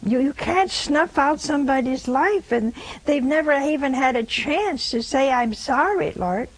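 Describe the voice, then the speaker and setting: A woman's voice: high-pitched, unhurried, rough recording. An older woman hosting a religious call-in show, preaching earnestly and repeating phrases for emphasis. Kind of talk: preaching to callers.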